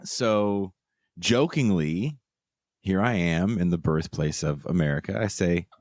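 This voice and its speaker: A man hosting a podcast, telling a story in casual chat, animated and swearing freely with self-mocking humor. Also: low-pitched, measured pace, no room sound, studio quality. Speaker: podcast host.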